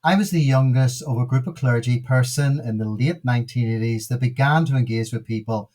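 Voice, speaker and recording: A man's voice: medium pitch, fairly quick, a little mellow. A man in his sixties with a Northern Irish accent, a minister telling stories with emphatic, preacherly stress as a podcast guest. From Northern Ireland. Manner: emphatic, preacherly, repeats key words for stress. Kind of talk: storytelling in a podcast interview.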